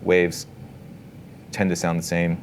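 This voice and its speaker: A man giving a casual live workshop talk to an audience in an event space, relaxed and talkative, full of filler words. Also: low-pitched, slow pace, a little hiss or hum. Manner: relaxed, talkative, many "like" and "you know" fillers.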